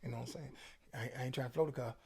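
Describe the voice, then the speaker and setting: Gravelly-voiced man preaching advice. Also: mid-range voice, steady tone, rapid-fire. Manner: preachy, emphatic, Southern Black vernacular. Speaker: featured guest. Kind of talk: casual storytelling interview.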